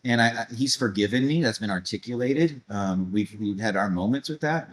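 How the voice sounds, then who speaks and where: A man's voice: lowish voice, fairly quick. A man, a coach and guest, telling a personal story animatedly and acting out moments as he goes. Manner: animated storyteller, acts out moments, laughs often. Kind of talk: casual storytelling in a conversation.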